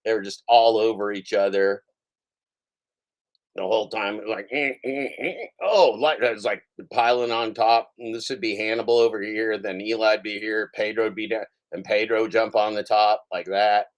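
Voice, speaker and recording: A man's voice: fairly low pitch, flat delivery, normal speed, muffled recording. A man hosting a livestream, ranting casually in a taunting, profane and rambling way. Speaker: livestream host.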